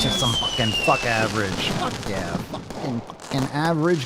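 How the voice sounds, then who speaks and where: A man's voice: mid-range voice, lively intonation, takes it slowly, music in the background. A man hosting a live fitness stream, chatting casually with viewers in a profane, teasing, joking way. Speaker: livestream fitness show host. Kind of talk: casual livestream chat.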